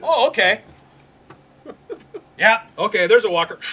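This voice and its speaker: A man co-hosting a casual show review, ranting with lots of swearing and shouting. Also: high voice, animated, measured pace, husky. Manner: profane ranting, shouts then trails off into mumbling. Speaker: podcast co-host.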